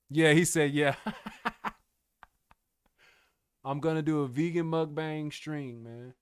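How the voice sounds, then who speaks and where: A man's voice: a little high, takes it slowly, long pauses, clean tone, dry recording, studio quality. A young man chatting casually with his live-stream viewers, laid-back and slangy, calling them bro and y'all. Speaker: music producer streamer.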